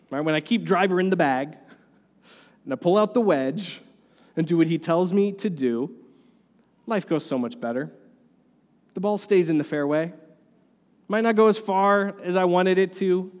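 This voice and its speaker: A man's voice: on the high side, darkish tone, big-room sound. A man preaching a sermon as pastor, earnest and conversational.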